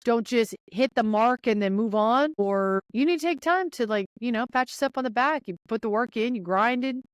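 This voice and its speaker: A young woman hosting her podcast, giving listeners an energetic, chatty pep talk and speaking right to them. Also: on the high side, normal speed, smooth, no room sound, clean studio sound. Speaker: podcast host. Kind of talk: casual motivational monologue.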